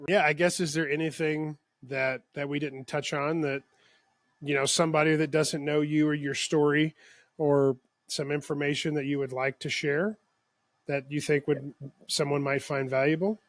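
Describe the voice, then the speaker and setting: A man's voice: on the high side, level tone, moderate pace, dry recording, studio quality. A man hosting a podcast, easygoing and enthusiastic, reacting with slangy remarks. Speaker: podcast host. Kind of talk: casual chat.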